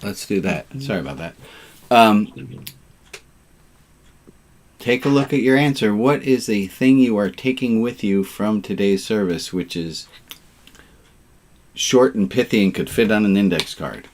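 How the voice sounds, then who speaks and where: A man's voice: on the low side, a little slow, pauses often, a little mellow, slight background noise. A man leading an online service as rabbi, casual and playful, fond of puns, on a video call.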